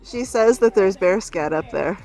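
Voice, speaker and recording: A woman's voice: mid-range voice, lively intonation, normal speed, warm tone, soft background music, rough recording. A young woman vlogging on a mountain trail with a handheld camera, chatty and laughing often, sometimes out of breath as she talks to her dog and friends. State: out of breath at times. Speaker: hiking vlogger. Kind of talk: casual trail vlog.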